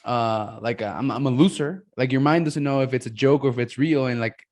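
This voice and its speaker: A man's voice: medium pitch, a little fast, a little mellow. A man hosting a podcast, talking enthusiastically and tagging his points with "man" and "right?". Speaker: podcast host. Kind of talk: casual interview talk.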